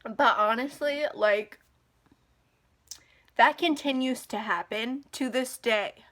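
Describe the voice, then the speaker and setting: This personal vlog features a woman in her twenties, upset and furious, ranting on camera while on the verge of crying. She talks slowly in a fairly high, fairly bright voice.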